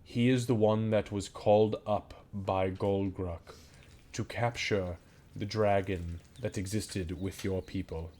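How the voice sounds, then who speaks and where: A man voicing a soft-spoken goblin priestess. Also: on the low side, fairly even intonation, pitched below the performer's own voice. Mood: formal. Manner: formal, measured, soft-spoken, sometimes whispered. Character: solemn female goblin priestess, courteous and weary.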